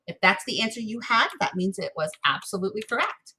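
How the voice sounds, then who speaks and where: A woman music teacher giving a recorded lesson, patiently encouraging students and chanting rhythm syllables slowly. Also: medium pitch, animated, very noisy.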